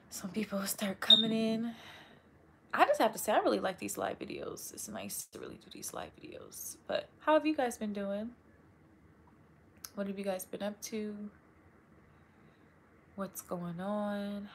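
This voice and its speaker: A woman's voice: mid-range voice, a bit bright, slight background noise. Upbeat young woman greeting live viewers. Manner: upbeat, greets viewers by name, uses y'all. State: tired from long work weeks. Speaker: vlogger hosting a live stream. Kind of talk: casual live-stream chat with viewers.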